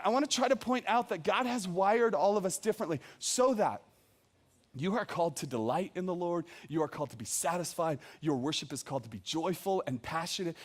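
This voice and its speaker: Animated high-voiced young pastor preaching. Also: male voice. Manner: animated, self-deprecating storytelling. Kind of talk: sermon.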